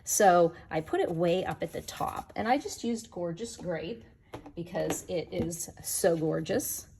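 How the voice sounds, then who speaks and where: A woman demonstrates card making in a relaxed tutorial, chatting with viewers as she works, against a noisy background. Her voice is on the low side, a little slow, with lively intonation.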